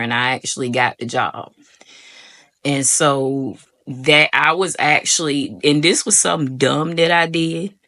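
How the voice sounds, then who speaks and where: A young woman, telling her own story to viewers in a casual vlog and acting out what she said back then. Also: rumbling low. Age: young adult. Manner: animated retelling, acts out her own quoted voice; addresses viewers as y'all. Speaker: vlogger.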